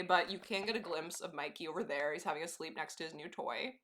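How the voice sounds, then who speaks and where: Woman, live streamer, casual rambling chat, frequent laughs, bright forceful tone, lowish pitch. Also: normal speed. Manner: rambling, chatty, laughs often, swears casually.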